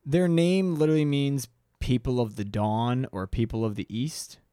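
A man's voice: medium pitch, steady tone, normal speed, mellow, clear, resonant tone, no room sound, studio quality. A man co-hosting a podcast, telling a local legend in a rambling, teasing way. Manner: rambling, teasing, many fillers and restarts. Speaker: podcast co-host. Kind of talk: casual podcast storytelling.

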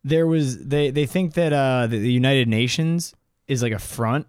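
A man co-hosting a podcast in casual chat, animated and mocking as he quotes people in a raised voice. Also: medium pitch, normal speed, clear, resonant tone, no echo, clean studio sound. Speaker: podcast co-host.

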